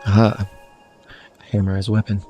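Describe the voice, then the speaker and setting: Dude playing a game and reading the text out loud, keeps cracking up, lowish voice, quiet game music behind. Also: male voice, monotone, moderate pace, dull audio. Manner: laughs often, wry asides. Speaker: gaming channel host. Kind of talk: let's play commentary, reading game text aloud. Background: faint game music.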